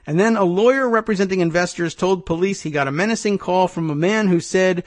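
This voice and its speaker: A man's voice: sits high, a little fast, few pauses, no room sound. A man hosting a radio talk show, reading news aloud with wry, sarcastic asides into a studio microphone.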